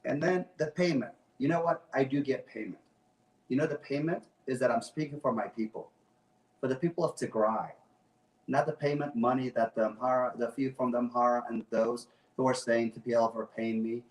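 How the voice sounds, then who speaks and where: A man's voice: mid-range voice, steady tone, fairly quick. Brief: impassioned male guest, emphatic repeats, roomy sound from a distance. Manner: passionate, emphatic, repeats phrases. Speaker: guest activist. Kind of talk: impassioned talk show speech.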